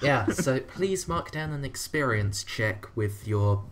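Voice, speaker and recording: A man running a tabletop horror game as game master, narrating slowly and hesitantly with many ums. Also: medium pitch, expressive. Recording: noisy with keyboard clicks.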